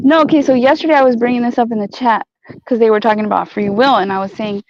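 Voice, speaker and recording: Woman panelist with a fairly high voice, curious and quick, muffled lo-fi mic. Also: fairly even intonation, a little mellow. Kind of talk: casual livestream chat.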